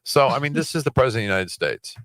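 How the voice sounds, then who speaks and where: A man's voice: mid-range voice, expressive, rapid-fire, fairly bright tone, no echo, clean studio sound. A man who hosts a radio show, chatting casually and emphatically about politics. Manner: emphatic, rhetorical. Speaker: radio host.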